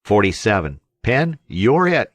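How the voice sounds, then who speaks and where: A scarred old navy sailor lectures gruffly with a wry edge, as a man puts him on. His voice sits somewhat above a low plain reading voice, dry and close. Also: big pitch swings, unhurried, dry recording. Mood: counting.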